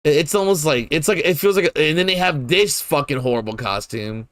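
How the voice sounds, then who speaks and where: A man's voice: on the high side, fairly quick, a bit bright, no echo, studio quality. A young man giving casual, rambling commentary while he streams a game, swearing freely and laughing often.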